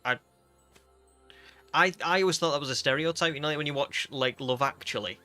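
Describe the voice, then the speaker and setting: A man's voice: fairly high pitch, brisk, pushed and bright, soft background music. A British man chatting casually on a game stream, rambling with fillers as he reads chat aloud.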